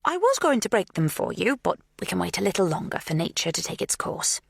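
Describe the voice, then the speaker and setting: A woman's voice: on the low side, big pitch swings, fairly quick, vocal fry, husky, no room sound, studio quality, voice pushed up, exaggerated voice. A woman voicing a creepy older woman who keeps her captive with a falsely sweet, sing-song, soothing manner. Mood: sweetly menacing.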